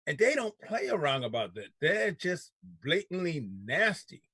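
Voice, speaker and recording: Man, co-host, husky, dry recording, emphatic, repeats points, casual chat. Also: on the high side, big pitch swings, moderate pace, sharp tone, no echo. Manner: emphatic, repeats himself for stress. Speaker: talk show co-host.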